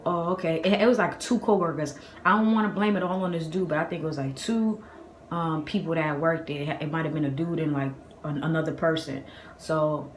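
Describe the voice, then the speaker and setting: Animated young woman with a Boston accent. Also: low-pitched. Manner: animated, slangy, acts out quotes in a raised voice. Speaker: vlogger. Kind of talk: casual storytime. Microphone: phone camera. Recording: echoey room with faint ambient noise.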